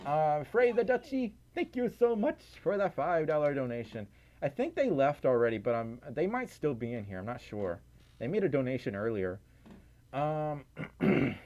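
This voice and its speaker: Man with Southern accent, casual stream chat, animated voice, dull lo-fi sound. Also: fairly high pitch. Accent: Southern American. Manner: giggly, self-deprecating, lots of fillers. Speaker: livestream host. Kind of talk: casual livestream chat reading donations.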